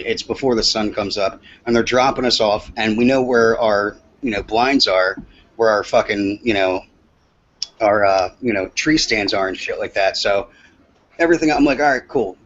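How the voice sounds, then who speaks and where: Podcast host, male, husky voice, loose profane storyteller, dull lo-fi sound. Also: fairly low pitch, fairly bright tone. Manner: profane, rambling, laid-back storyteller. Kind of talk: casual storytelling chat. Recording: dull lo-fi audio.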